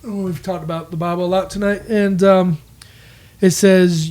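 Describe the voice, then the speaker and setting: A man's voice: high voice, steady tone, normal speed, a little mellow. A man co-hosting a marriage podcast, talking earnestly and candidly, owning up to his own faults. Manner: earnest, self-critical, quotes people in acted voices. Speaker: podcast co-host.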